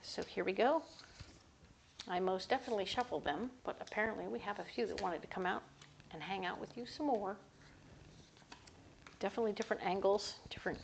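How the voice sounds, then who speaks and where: A woman's voice: medium pitch, vocal fry, slight background noise. A woman giving a casual, upbeat tarot reading to camera, chatty and often correcting herself mid-sentence. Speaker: tarot reader.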